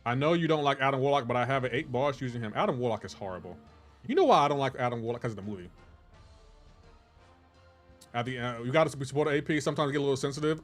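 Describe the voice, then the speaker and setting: A man's voice: fairly high pitch, quick pace, soft background music. A man streaming a game live and chatting with his viewers, playful and teasing, with mock-offended banter. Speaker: livestream gamer. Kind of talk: casual chat with live chat viewers.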